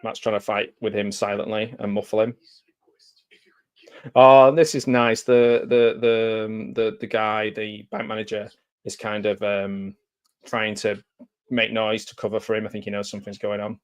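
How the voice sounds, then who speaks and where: A man giving live watch-along reaction commentary on a TV episode, chatty and jokey, with excited outbursts and laughs. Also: fairly low pitch, normal speed, clean tone. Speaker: commentary host.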